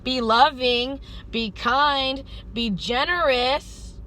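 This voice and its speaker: A woman speaks to her viewers in a loose, stream-of-consciousness vlog monologue. Her voice sits high and sounds bright. She talks earnestly and often slips into pleading. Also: drawn-out words, slight background noise, rough recording. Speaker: vlogger. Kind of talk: rambling spiritual vlog monologue.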